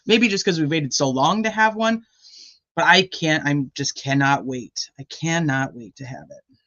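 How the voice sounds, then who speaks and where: A woman's voice: deep voice, normal speed, a bit bright. A woman hosting a casual live stream, rambling and greeting chat viewers by name. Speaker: livestream host. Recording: dull lo-fi stream audio.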